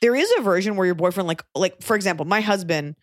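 Brief: woman podcast host, low voice, close dry mic, chatty and blunt. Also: quick pace, no echo. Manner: chatty, frank, joking asides. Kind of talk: casual podcast chat, advice.

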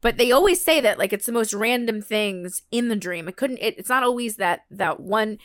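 A woman's voice: a little high, expressive, normal speed, a bit bright, no echo. Young woman co-host, easygoing and earnest, dry close mic. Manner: supportive listener, earnest when explaining. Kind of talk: casual chat.

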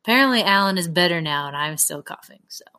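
A woman in her thirties co-hosting a parenting podcast, chatty and quick to laugh, with a lingering cough. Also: fairly low pitch, lively intonation, pushed and bright. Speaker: podcast co-host. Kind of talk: casual chat.

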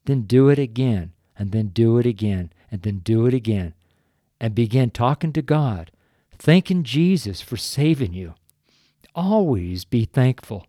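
A man's voice: medium pitch, warm tone, dry recording, clean studio sound. An older man giving an earnest, folksy evangelistic sermon as a preacher, with chuckles here and there. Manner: earnest, folksy, breaks into chuckles, gets choked up. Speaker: street preacher.

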